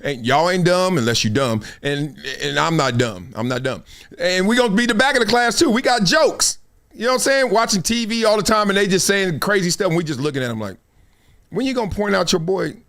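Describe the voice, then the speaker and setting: Animated joking male sports host. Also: high voice, brisk. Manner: animated, joking, slangy, laughs often. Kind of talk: casual live sports commentary.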